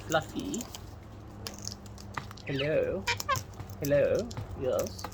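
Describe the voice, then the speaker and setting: A woman's voice: low voice, big pitch swings, slow. A woman, coaxing wild birds in sing-song baby talk as she feeds them outdoors. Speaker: bird feeder filming wild birds. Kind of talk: talking affectionately to birds while feeding. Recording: noisy outdoor recording.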